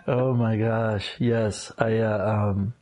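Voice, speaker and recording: A man with a husky voice telling a personal story in a casual chat, laughing often and getting animated when he quotes people. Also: on the low side, slow pace. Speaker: guest.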